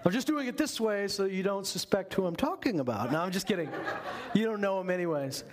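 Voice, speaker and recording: A man with a high voice preaches a sermon. He talks to the room directly and leans hard on key phrases, like a pastor at the pulpit. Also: animated, fairly quick, slight background noise. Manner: emphatic, conversational preaching.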